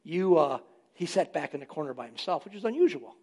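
A man's voice: a little high, big pitch swings, a little fast, a little mellow. A man, a pastor, preaching a sermon with emphatic rises in volume on key phrases. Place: church.

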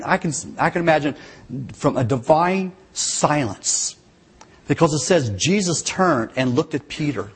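Very husky-voiced male preacher. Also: a little high. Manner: earnest, dramatic storytelling with shifting emphasis. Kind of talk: sermon.

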